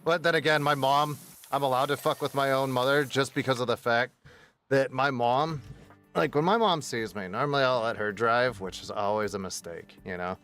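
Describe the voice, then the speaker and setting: A male game streamer chatting casually with his viewers, his stories rambling and heavy on swearing. His voice sits in a middle pitch range. Faint music plays under his talk. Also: moderate pace, fairly bright tone. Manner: rambling, profane storytelling with bursts of laughter.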